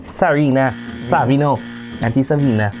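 A man's voice: medium pitch, normal speed. A man from Toronto, a comedian in casual joking chat who laughs often and slips into playful patois phrases. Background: music.

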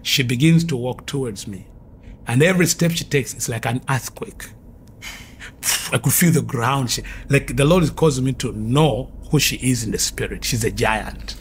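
A man's voice: mid-range voice, moderate pace, a little hiss or hum. A man who was formerly an occultist gives an earnest, vivid spoken testimony, repeating phrases as he tells his story.

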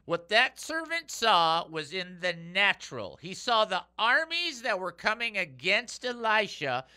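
A man hosting a radio show and preaching emphatically, swinging between loud and hushed delivery. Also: high-pitched. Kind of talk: radio Bible teaching.

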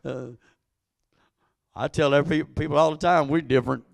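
A man's voice: a little high, fairly even intonation, moderate pace, creaky, dry recording. Preaching man with a dry close sound. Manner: call-and-response preaching, swelling to loud emphatic peaks. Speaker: pastor. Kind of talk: sermon.

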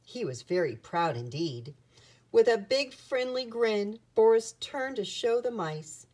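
A woman reading a children's picture book aloud with an expressive storytelling manner. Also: fairly high pitch, measured pace.

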